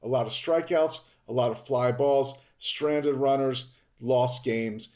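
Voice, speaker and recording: A man from Baltimore hosting a podcast, delivering an upbeat scripted monologue that stresses key words with sudden rises in pitch. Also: a little mellow. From Baltimore, Maryland. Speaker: podcast host, dentist.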